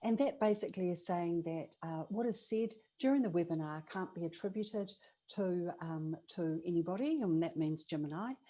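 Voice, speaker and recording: A woman opening a webinar as a co-presenter, speaking haltingly with many ums. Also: lowish voice, dark tone.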